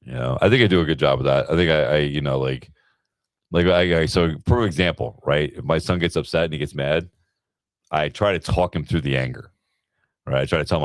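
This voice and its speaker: A man with a very low voice talks fast in a dry, close recording. He co-hosts a casual chat podcast, swears freely and laughs a lot. When he retells a story, his voice shoots up high. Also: no room sound. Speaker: podcast co-host.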